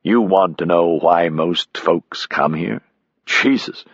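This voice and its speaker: A man's voice: deep voice, takes it slowly, husky, no echo, lo-fi sound, full character voice. A man voicing a blunt, sardonic American man.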